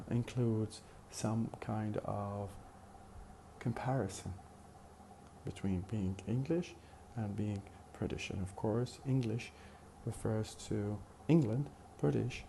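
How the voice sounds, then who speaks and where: A man's voice: fairly low pitch, creaky, warm tone, a little hiss or hum. A man teaching a phonetics lesson in a methodical way, with many fillers and repeated examples. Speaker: phonetics lecturer. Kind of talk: recorded lecture.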